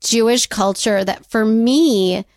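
A woman's voice: on the high side, takes it slowly, dry recording. Chatty lady podcast host, jokes around a lot, dry close sound. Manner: chatty, animated, laughs often, jokey asides. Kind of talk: casual storytelling chat.

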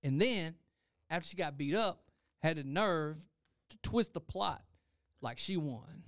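A man's voice: a little high, lively intonation, a little slow, a bit bright, smooth, no echo, studio quality. A young man telling a story in a casual chat, acting out quotes and swearing freely.

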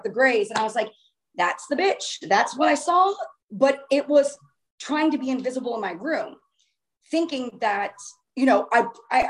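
A woman with a fairly high voice tells a personal story to an interviewer. She is animated and excitable, jumping into her own past words as she goes. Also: poor audio. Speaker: guest. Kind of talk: recounting a personal experience in conversation.

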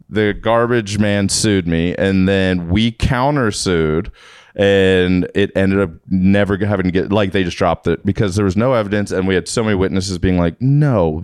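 A man with a low, smooth voice tells a story in easy podcast chat. He slips into the voices of the people he quotes. The sound is close and dry. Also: no room sound. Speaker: podcast guest.

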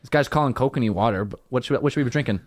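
Fast-talking, brash Canadian man. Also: mid-range voice, dry recording, studio quality. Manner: brash, swears often. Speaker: podcast co-host. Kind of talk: casual chat. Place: home recording studio. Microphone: studio mic.

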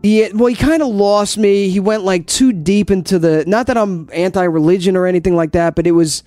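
A man's voice: high voice, a little fast, dry recording, clean studio sound, soft background music. A man with a New Jersey accent, hosting a podcast in casual, profane, joking banter with friends. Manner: animated, profane, jokey banter. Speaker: podcast host. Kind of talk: casual chat.

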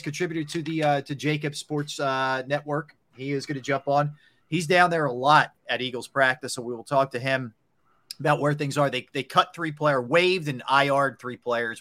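A man's voice: medium pitch, bright, forceful tone. Male sports talk host, casual, steers segments. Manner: conversational, steers the show to breaks and segments.

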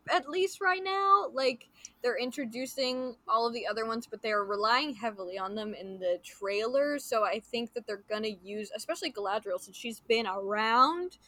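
Bright-voiced woman podcast host, dry sound. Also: on the high side, expressive, normal speed, no echo. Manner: chatty, many fillers and restarts. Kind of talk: casual chat.

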